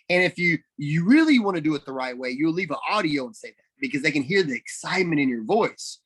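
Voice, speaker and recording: A man leading a team call, coaching in an energetic, emphatic way and repeating phrases for stress. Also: fairly high pitch, quick pace, hardly any pauses, husky. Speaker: network marketing team leader. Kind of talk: coaching talk on a group call.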